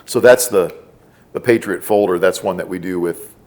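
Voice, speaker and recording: A man's voice: sits low, a little hiss or hum. A middle-aged man, a podcast guest, telling stories casually and quoting the people in them. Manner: relaxed, drawn-out storytelling with quoted dialogue. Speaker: podcast guest, former special forces operator. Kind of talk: casual storytelling.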